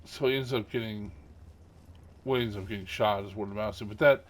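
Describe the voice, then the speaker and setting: A man's voice: lowish voice, steady tone, quick pace, a little hiss or hum. A middle-aged man hosting a gaming channel, chatting casually over gameplay in a rambling way, with many fillers and chuckles.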